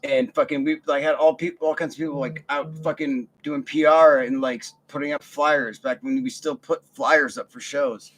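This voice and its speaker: A man's voice: on the high side, steady tone, normal speed, few pauses, a bit bright, rough recording. A middle-aged man, telling rambling, profane stories on his podcast and laughing often. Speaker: podcast host. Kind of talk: casual storytelling monologue.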